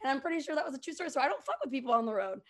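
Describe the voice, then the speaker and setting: A woman casually chatting and telling a story in a rushed way, swearing freely. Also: high-pitched, sing-song.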